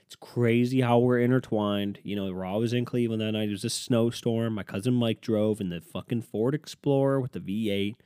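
Podcast host, man in his thirties, low voice, dry close-mic sound, sarcastic and profane. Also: steady tone, normal speed, few pauses, mellow, smooth, dry recording. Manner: sarcastic, swears often, reacts to headlines. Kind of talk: profane solo podcast rant.

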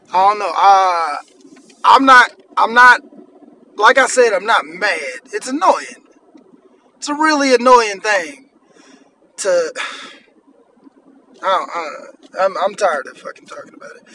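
A man's voice: high-pitched, animated, slow, long pauses, pushed and bright, a little hiss or hum, poor audio. A man in his thirties hosting a podcast, ranting bluntly and profanely in an annoyed tone. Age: 30s. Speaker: podcast host. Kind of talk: solo podcast rant.

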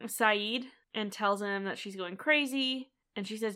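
Giggly woman recapping a show, bright voice. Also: medium pitch, clear, resonant tone. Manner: giggly, quick, animated retelling. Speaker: podcast co-host. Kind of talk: casual chat recapping a TV episode.

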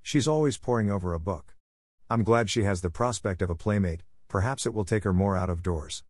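A man's voice: on the low side, a little fast, darkish tone, dry recording, studio quality, natural voice. A man voicing a tall, strict mother in a storybook, polite on the surface and firm underneath.

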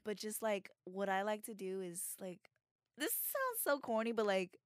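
A woman's voice: mid-range voice, very animated, measured pace, no room sound, studio quality. A young woman co-hosting a podcast, telling a work story in casual, profane chat and laughing often. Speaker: podcast co-host.

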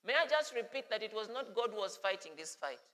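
Preacher, very high bright voice, animated sermon, long hall reverb. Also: male voice, fast talker. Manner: animated, playful storytelling preacher. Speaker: pastor.

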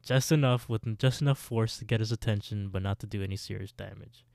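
A man's voice: on the low side, fairly quick, vocal fry, darkish tone, no room sound, studio quality. A man casually recapping a TV episode as a podcast co-host, telling the story in a laid-back way.

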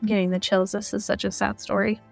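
A woman co-hosting a true crime podcast, reading case details in a sombre, even way. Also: medium pitch, fast, vocal fry, soft background music. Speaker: podcast co-host.

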